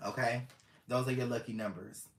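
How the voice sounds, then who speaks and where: A tarot reader gives a casual, earnest, affectionate reading to camera, repeating phrases to the listeners often. The voice sits at medium pitch with fairly even intonation and a moderate pace, recorded with a roomy echo.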